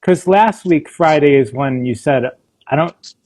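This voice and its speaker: A man's voice: fairly high pitch, lively intonation, measured pace, darkish tone, low-quality recording. A man hosting a casual podcast, easygoing, asking questions and laughing along with his guest. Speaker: podcast host.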